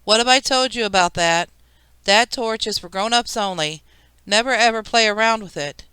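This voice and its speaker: A woman's voice: medium pitch, animated, a little fast, bright, forceful tone, clear, resonant tone, dry recording, low-quality recording. A woman reading an audiobook, voicing a stern father scolding his son.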